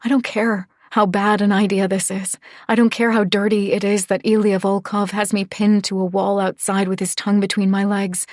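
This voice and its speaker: Soft breathy woman reading a romance audiobook, kinda flat and even, super dry mic. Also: mid-range voice, normal speed, few pauses, dry recording. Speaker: audiobook narrator. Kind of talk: scripted first-person romance narration.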